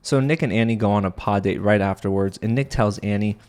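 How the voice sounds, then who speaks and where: A man's voice: fairly quick, a little mellow, clean tone. Chatty opinionated man recapping a reality show. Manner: chatty and opinionated, voice jumps high when incredulous. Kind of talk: casual recap commentary.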